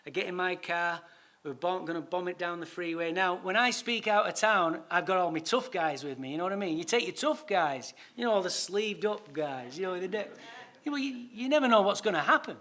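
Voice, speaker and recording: A man giving a recovery talk at a conference, telling a story with lively acted-out dialogue and casual swearing. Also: sits high, brisk. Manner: animated, swearing, acts out his own dialogue. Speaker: recovery speaker.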